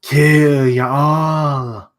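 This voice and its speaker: A man's voice: on the high side, steady tone, very slow, pitched above the performer's own voice. A man voicing a sadistic, half-dead male villain with a mock German accent, in a dramatic reading of a comic. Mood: menacing.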